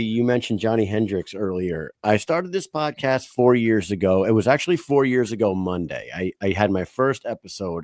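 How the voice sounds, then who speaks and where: A man hosting a podcast, talking in an excited, loose way with lots of fillers. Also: fairly low pitch, no echo, studio quality. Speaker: podcast host. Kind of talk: casual chat.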